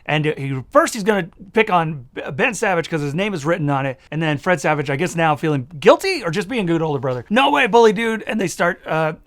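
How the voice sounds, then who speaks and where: A young man rattles through a comedic movie review at high speed. His voice sits fairly high and swoops up and down constantly, and he keeps slipping into quick put-on character voices for laughs. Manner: animated, jokey, acts out characters in quick asides.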